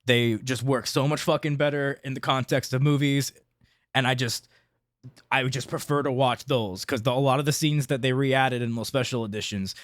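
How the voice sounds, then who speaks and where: A man's voice: mid-range voice, steady tone, normal speed, a bit bright, no room sound, clean studio sound. A man co-hosting a podcast, chatting casually with strong opinions and frequent swearing. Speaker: podcast co-host. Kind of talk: casual chat.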